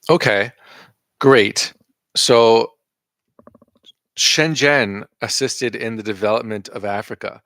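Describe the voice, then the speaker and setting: Sarcastic, swearing man with a low voice. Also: takes it slowly, pauses often, fairly bright tone, dry recording, studio quality. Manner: profane, sarcastic rebuttals. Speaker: commentary host reacting to clips. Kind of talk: reaction commentary.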